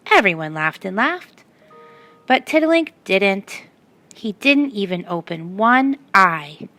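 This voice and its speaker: A woman's voice: mid-range voice, sing-song, takes it slowly, bright, forceful tone. A woman reading a picture book aloud to children and stopping to ask them questions. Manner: asks the listeners questions. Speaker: storyteller.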